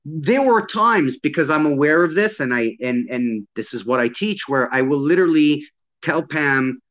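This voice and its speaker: A man's voice: a little high, expressive, moderate pace, a bit bright. Man, self-defense instructor, casual talk, blunt, emphatic, swears a lot, dull lo-fi sound. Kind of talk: casual podcast conversation.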